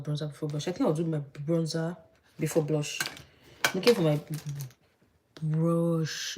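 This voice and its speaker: A young woman chatting as she does her makeup, gossiping in an animated way. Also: low-pitched, slight background noise. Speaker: vlogger. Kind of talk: casual chat while doing makeup.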